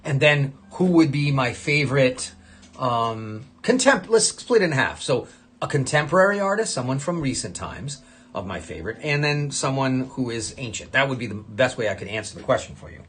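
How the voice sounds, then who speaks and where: A middle-aged man hosting a casual livestream while signing cards, chatty and enthusiastic, with sudden loud exclamations. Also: mid-range voice, big pitch swings, moderate pace, breathy edge. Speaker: fantasy artist hosting a livestream.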